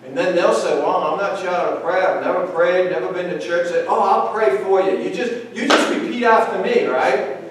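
A man preaching a sermon as pastor, talking in a conversational, animated way and acting out little dialogues. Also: high voice, moderate pace. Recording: echoey hall, speaker far from mic.

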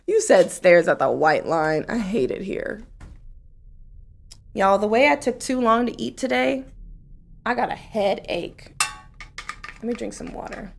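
A woman game streamer chatting casually and excitedly with her live chat while setting up a game. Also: mid-range voice, unhurried, creaky, pauses often.

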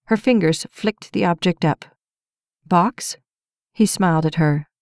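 A woman narrating a romance audiobook with even, measured storytelling. Her voice sits a little low. The sound is close and dry, with no room in it. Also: dry recording. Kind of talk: scripted narration.

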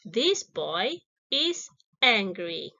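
A woman's voice: mid-range voice, sing-song, gravelly, pushed and bright, lo-fi sound. A woman teaching a simple English lesson to young children, repeating each word and praising the answers. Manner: encouraging, drawn-out words repeated twice.

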